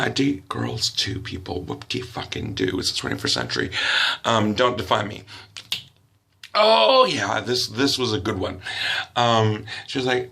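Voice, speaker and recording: A man's voice: mid-range voice, vocal fry, pushed and bright. A man telling a story as a profane, exasperated rant, sarcastic and swearing freely. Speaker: vlogger.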